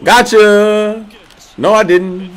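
A man streaming a football video game, trash-talking his opponent loudly with slang, swearing and laughter. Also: sits high, steady tone, drawn-out words. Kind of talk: trash-talking gameplay commentary.

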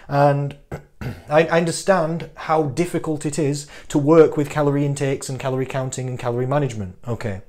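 A man, a fitness coach giving an energetic, teasing talk to camera full of rhetorical questions. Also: fairly high pitch.

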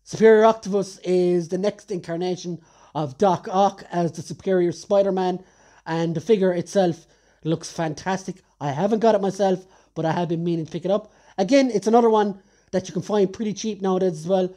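Pitched high with a steady, dark tone, a man speaks briskly through a laid-back top-ten list of action figures. He's an eager, talkative collector who often stops to fix what he just said.

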